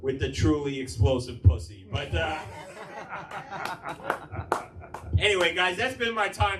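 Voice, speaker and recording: A male stand-up comedian on a comedy club stage delivers a raunchy, loose, rambling set that's slow with long pauses, dropping into small acted-out quotes. His voice is a bit high for a man. A handheld stage mic is captured from across the echoey club, so the sound is distant with crowd noise underneath.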